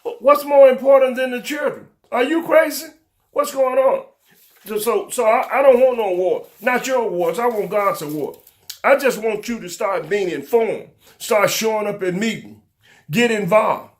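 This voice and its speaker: A man's voice: high-pitched, normal speed. A man hosting a local talk show, scolding his audience with fervent rhetorical questions in a preacher-like style. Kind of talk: preacher-like call-and-response commentary.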